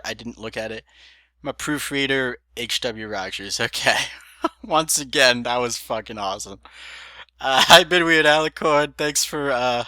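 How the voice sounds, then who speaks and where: A man's voice: medium pitch, measured pace, pushed and bright, no room sound. Giggly, profane man reading fan fiction. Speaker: fanfiction reader. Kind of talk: reading fanfiction aloud.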